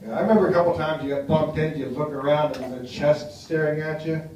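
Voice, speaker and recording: An American man works a small café bar crowd with a wry, chatty stand-up set. His voice sits a little high and comes from some distance off the mic. The room rings with heavy echo and a faint noise underneath. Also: quick pace, a little mellow. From United States. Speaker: stand-up comedian.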